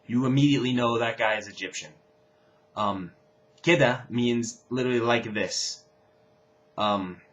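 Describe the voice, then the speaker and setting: A young man talks through phrases in a casual teaching voice of middling pitch. He says each example phrase again with lively stress before explaining it. The recording sounds a little dull and lo-fi. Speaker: language teacher.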